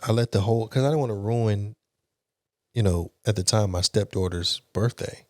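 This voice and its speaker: A young man with a fairly low voice tells a personal story in a casual podcast chat. He talks candidly and with animation, using frank language. The sound is dry and close to the mic. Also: moderate pace, darkish tone, no echo. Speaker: podcast guest.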